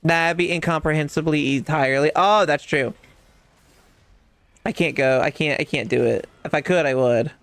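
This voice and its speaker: Male streamer, playful and boastful banter; slightly raised pitch, dry close sound. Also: moderate pace, fairly bright tone, dry recording. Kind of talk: casual gaming chat.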